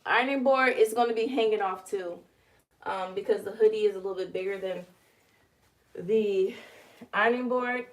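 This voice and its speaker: A woman's voice: medium pitch, moderate pace, long pauses. A woman hosting a casual live stream from her living room, chatting straight to her viewers and explaining each step as she makes merch. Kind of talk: casual live chat while crafting.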